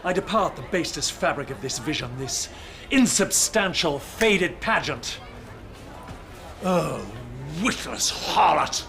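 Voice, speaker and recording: A pompous theatrical director. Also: male voice, on the high side, lively intonation, slow pace, a bit bright, heavily acted. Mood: grandiose. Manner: pompous, theatrical, archaic phrasing. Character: pompous male theatre director turned trainer. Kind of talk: sitcom acting.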